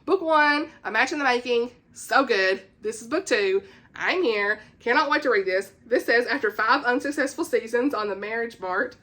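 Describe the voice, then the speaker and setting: A woman's voice: a little high, lively intonation, moderate pace, a bit bright. A woman with a Southern US accent chatting eagerly about upcoming books and reading their blurbs aloud, stumbling and laughing at her own slips. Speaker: book vlogger. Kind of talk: casual book chat, reading blurbs aloud.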